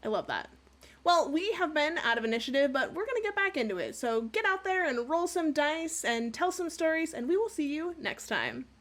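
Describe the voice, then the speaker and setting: A woman's voice: high-pitched, sing-song, moderate pace, fairly bright tone. A young woman co-hosting a podcast in casual chat, playful and giggly, swearing now and then. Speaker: podcast co-host. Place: studio recording in person.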